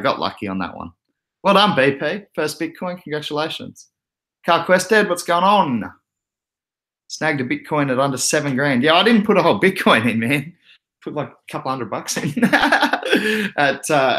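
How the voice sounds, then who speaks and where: An Australian man in his younger years talks at an easy, mid-range pitch. He hosts a casual livestream, reading chat messages aloud with frequent laughs. His manner stays relaxed and conversational throughout. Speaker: crypto livestream host.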